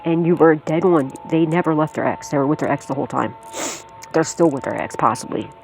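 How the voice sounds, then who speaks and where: A woman's voice: low voice, a little fast, a little mellow, soft background music. A woman giving a casual tarot reading to her viewers, blunt and repetitive, swearing freely and laughing often. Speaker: psychic tarot reader.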